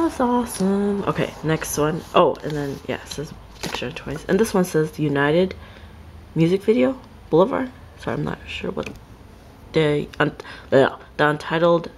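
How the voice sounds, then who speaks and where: Gushing excitable young woman, low voice. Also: moderate pace, slight background noise, rough recording. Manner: gushing, excitable, repeated exclamations; drops to soft near-whispers while handling items. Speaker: vlogger unboxing a trade package. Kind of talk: casual unboxing chat.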